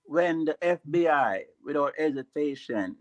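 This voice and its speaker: A man's voice: a little high, lively intonation, a little slow. A man on a radio talk show insisting on his point in a heated debate.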